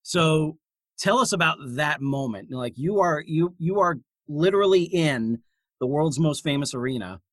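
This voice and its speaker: A man's voice: on the high side, lively intonation, measured pace, a bit bright, no room sound. Dry, close-miked man asking questions. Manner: enthusiastic, filler-heavy questions. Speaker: podcast host. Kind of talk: casual interview.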